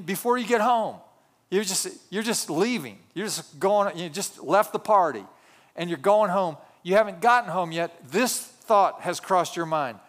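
A man preaches a sermon from the pulpit, his voice sitting a little high. He tells his stories in a conversational way and often turns to the congregation with asides and questions. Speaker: pastor.

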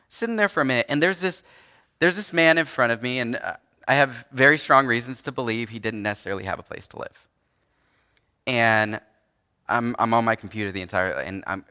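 A man's voice: on the low side, pushed and bright, smooth. A young man preaching, telling a personal story in a casual, earnest way with frequent restarts and fillers. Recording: long hall reverb.

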